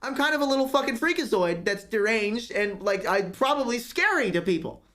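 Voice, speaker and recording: A man's voice: very high voice, big pitch swings, fairly quick, fairly bright tone. A young man chatting casually on a live stream, ranting and mocking himself with plenty of profanity.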